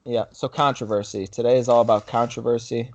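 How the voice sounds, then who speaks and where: A man's voice: medium pitch, level tone, fairly quick, darkish tone, dry recording, lo-fi sound. A young man hosts a casual podcast, rambling through an anecdote with "like" in nearly every phrase. His voice sits mid-range for a man and sounds close and dry, with no room around it. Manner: rambling storyteller, heavy use of "like". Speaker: podcast host. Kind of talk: casual podcast chat and storytelling.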